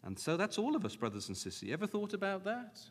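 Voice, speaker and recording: A man delivers a sermon at a Bible school in a high, lively voice that leaps between registers. He presses his listeners with repeated questions, dropping to hushed, low scripture reading before rising to emphatic urging. His words ring with a long reverb through a large lecture hall. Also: fast talker.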